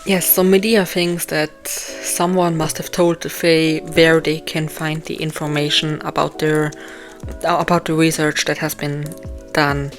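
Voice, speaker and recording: Here a young author drafts her novel live, speaking in a low, level voice at a measured pace over soft background music. Her casual thinking aloud wanders and mocks herself, peppered with ums and restarts, and she sounds worn out.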